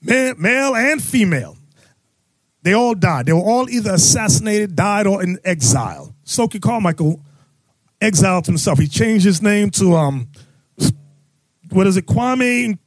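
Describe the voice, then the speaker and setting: A man preaching and teaching scripture to a crowd, loud and emphatic, calling out his listeners. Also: sits high, animated, normal speed, no room sound. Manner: loud, emphatic, calls out the audience. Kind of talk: street-style scripture teaching.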